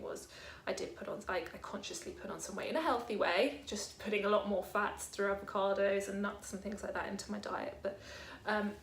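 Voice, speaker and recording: A woman's voice: mid-range voice, creaky, fairly bright tone, slight background noise. A young British woman vlogging in casual chat at home, rambling and hesitant, with many ums. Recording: echoey room.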